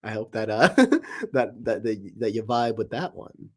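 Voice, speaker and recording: A woman's voice: extremely low pitch, lively intonation, unhurried, darkish tone, husky. A woman chatting casually and answering viewer voice requests, giggling and rambling between them. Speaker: voice-request streamer. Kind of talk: casual Q&A chat.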